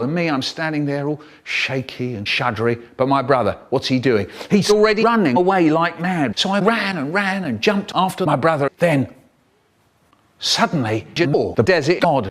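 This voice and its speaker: Animated storyteller man. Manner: animated, jumps between voices and pitches. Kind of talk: spliced comic storytelling.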